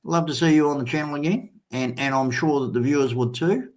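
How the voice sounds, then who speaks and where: A man's voice: on the high side, a little fast. An Australian man in his sixties hosting a live stream in casual chat. He rambles, swears freely and fills with lots of ums. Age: 60s. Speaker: livestream host.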